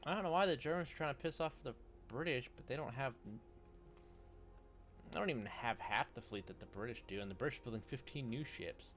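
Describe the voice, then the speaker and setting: A man talks his way through a strategy game in a casual, offhand voice. He sits in a middling pitch, half talking to himself and grumbling when the game misbehaves. Faint game music plays in the background. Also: fairly quick, a bit bright. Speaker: gaming YouTuber. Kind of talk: casual let's-play commentary.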